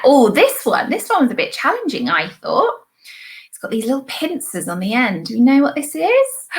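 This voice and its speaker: A young woman, a primary school teacher, giving a recorded online lesson to young children with bright, encouraging, sing-song praise. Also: on the high side.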